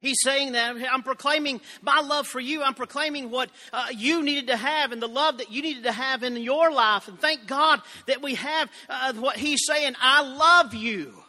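High, bright-voiced preacher. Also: male voice, normal speed, hardly any pauses, in a large hall. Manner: folksy, humorous preaching with scripture reading. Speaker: pastor. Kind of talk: sermon.

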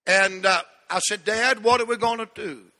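A man's voice: sits high, normal speed, pushed and bright. A man preaching a sermon to a church congregation, telling a folksy story and drawing out key words for emphasis. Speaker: pastor. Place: church sanctuary. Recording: long church hall reverb.

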